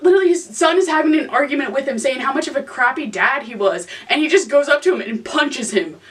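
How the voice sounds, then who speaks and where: Young woman host, exasperated casual rant, high and lively, recorded from a distance. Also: fast talker. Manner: animated, exasperated, swears freely. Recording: voice from some distance to the mic.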